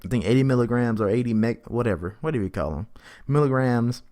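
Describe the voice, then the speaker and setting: A man's voice: mid-range voice, fast, dark tone. A young man hosting a podcast, telling a rambling, chatty story and acting out both sides of the conversations in a raised voice. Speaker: podcast host. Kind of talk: casual storytelling.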